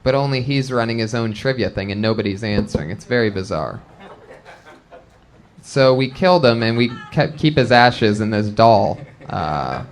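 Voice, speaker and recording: A man's voice: fairly low pitch, lively intonation, normal speed. A man hosting a live comedy podcast on a club stage, brash and profane as he jokes and hypes the audience. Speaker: podcast host.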